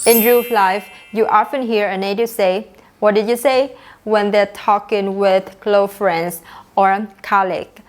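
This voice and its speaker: A young woman leads an online English lesson. She speaks at a middle pitch, explains each point clearly, and acts out the example phrases. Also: flat delivery, a little slow. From Vietnam. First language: Vietnamese. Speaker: English teacher.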